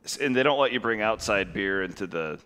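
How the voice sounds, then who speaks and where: A man's voice: lowish voice, expressive, a little fast, fairly bright tone, in a large hall. A man hosting a podcast, chatting casually and telling rambling stories. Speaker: podcast host. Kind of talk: casual chat.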